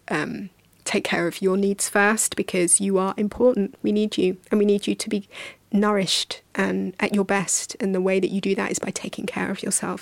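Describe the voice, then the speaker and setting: Gravelly-voiced woman around forty, chatty. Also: medium pitch, dry recording. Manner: warm, rambling, affectionate, with many fillers. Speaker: podcast host and yoga teacher. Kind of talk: casual podcast sign-off.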